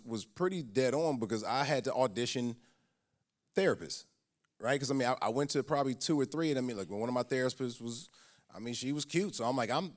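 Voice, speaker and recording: A man, an actor and comic, talking casually on a stage panel, telling stories and often restarting his words. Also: medium pitch. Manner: storytelling, laughing, repeats words when starting. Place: auditorium stage.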